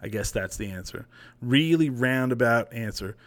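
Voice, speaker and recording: A man's voice: mid-range voice, normal speed. A young man hosting a podcast livestream, telling a long story in a rambling, profane, casual way. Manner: rambling, profane, animated retelling. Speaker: podcast host.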